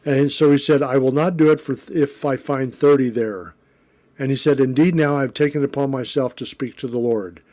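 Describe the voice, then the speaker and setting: Mellow-voiced man teaching a Bible lesson. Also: mid-range voice, a little fast. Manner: relaxed, conversational, frequent fillers and self-corrections. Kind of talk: Bible lesson, reading and explaining scripture.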